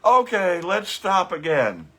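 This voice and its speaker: A man's voice: high-pitched, big pitch swings, slow, fairly bright tone. A man hosting a live commentary show, talking casually and sarcastically, with plenty of swearing. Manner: sarcastic, profane, scoffing.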